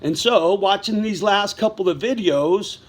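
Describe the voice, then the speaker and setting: A man's voice: high voice, measured pace. Profane, wound-up middle-aged man. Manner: profane, blunt, wound-up storytelling. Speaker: vlogger. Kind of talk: casual storytelling monologue.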